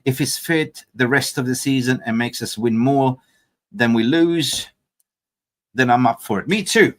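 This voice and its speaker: A man hosting a live fan stream in a loose, joking way, now and then swearing. He reads out viewer comments and riffs on them in casual chat, at a middle pitch for a man. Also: measured pace. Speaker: fan channel livestream host.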